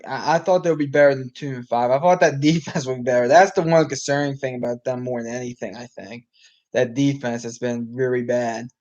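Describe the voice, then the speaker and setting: A man's voice: medium pitch, fairly even intonation, brisk, darkish tone. Guy doing a loose sports podcast, rambly, voice kinda shot, dull lo-fi mic. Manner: rambling, restarts, many ums, reacts to live game. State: losing his voice. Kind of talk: casual live sports talk.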